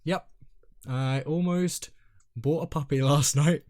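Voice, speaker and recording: A young man co-hosting a casual podcast, talking in a rambling, hesitant way that often trails off quietly. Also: a little high, steady tone, slow, heavy background noise. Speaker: podcast co-host. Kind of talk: casual chat.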